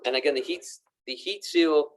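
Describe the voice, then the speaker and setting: A man's voice: on the high side, moderate pace. A man presenting golf apparel on camera in a pro shop, enthusiastic and chatty, often repeating his words as he goes. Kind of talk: casual product demonstration to camera. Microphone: camera mic, moves around the room.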